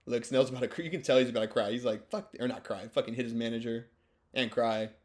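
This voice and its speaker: A man's voice: medium pitch, fairly even intonation, fast talker. A stoned man giving rambling, joking, profane commentary over sports clips. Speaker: video host.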